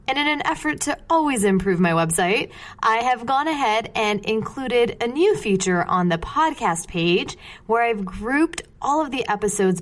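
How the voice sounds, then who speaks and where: A Californian woman hosting a podcast, chatty and upbeat, laughing easily with her guest. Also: medium pitch. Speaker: podcast host. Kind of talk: casual podcast interview and outro.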